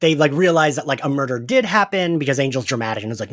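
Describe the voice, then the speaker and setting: A man co-hosting a casual podcast discussion, animated, acting out quoted lines and laughing often. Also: mid-range voice, fast, no room sound, studio quality. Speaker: podcast co-host.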